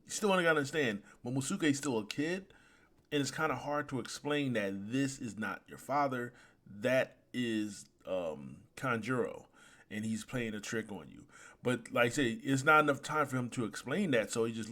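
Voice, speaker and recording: Male reviewer, casual and animated, frequently exasperated, profane. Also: mid-range voice, normal speed. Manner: animated, exasperated, swears freely. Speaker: anime chapter reviewer. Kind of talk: casual commentary.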